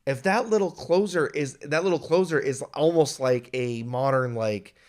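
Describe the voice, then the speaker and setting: A young man co-hosting a casual film review chat, excitable and acting out imagined lines of dialogue. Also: medium pitch, normal speed. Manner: excitable, acts out imagined dialogue, many restarts. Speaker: podcast co-host.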